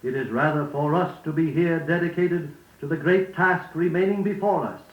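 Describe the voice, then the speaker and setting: A middle-aged male radio announcer giving a formal spoken lesson with measured, distinct enunciation and stately phrasing. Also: fairly high pitch. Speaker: radio announcer narrating a speech course. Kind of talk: formal scripted instruction and recitation. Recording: lo-fi echoey 78rpm record.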